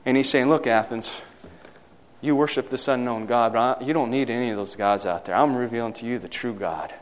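A man preaching a sermon to a congregation, swinging from loud emphatic peaks to quiet asides and asking the listeners for amens. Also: medium pitch, fairly quick. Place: hall or church. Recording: long hall reverb.

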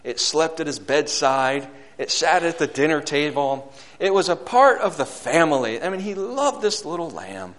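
A man's voice: very animated, moderate pace, few pauses. A fervent man preaching a sermon. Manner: swings between loud fervent rises and hushed low passages; reads scripture aloud in King James wording.

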